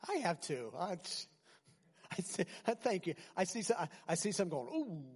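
Male pastor, conversational and animated sermon delivery, higher-pitched voice, long hall reverb. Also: moderate pace, breathy edge. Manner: animated, conversational preaching with rhetorical questions.

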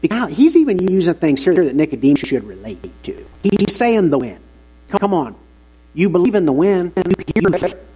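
Male preacher with a slightly raspy, higher voice, earnest and emphatic to his church. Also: sing-song, moderate pace, warm tone, poor audio. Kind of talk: sermon.

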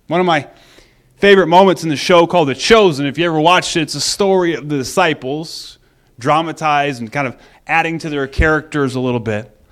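A man preaching a conversational sermon in an animated way, acting out the quoted lines. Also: on the high side, fairly quick.

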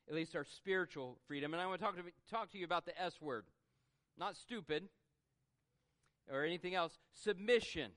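A man's voice: on the high side, a bit bright. A man preaching a sermon in an earnest, self-deprecating way that builds to emphatic peaks. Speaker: pastor.

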